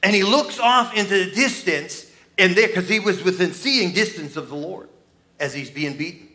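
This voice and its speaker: Forceful, dramatic preaching man. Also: sits high, moderate pace. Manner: dramatic storytelling, swinging between loud outbursts and hushed asides; acts out quoted voices. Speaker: pastor. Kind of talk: Easter sermon.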